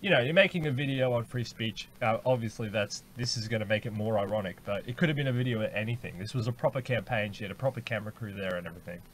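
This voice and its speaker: A man's voice: fairly low pitch, quick pace, few pauses, a little hiss or hum. A man, co-hosting a political panel chat, telling stories animatedly. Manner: animated storyteller, mimics voices. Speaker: podcast co-host.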